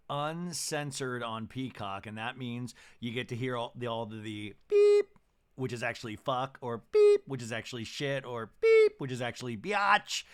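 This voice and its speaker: Recapping a reality show episode on his podcast, this man is campy and chatty, packed with asides and fillers. He speaks in a mid-range voice that's a bit bright and clean.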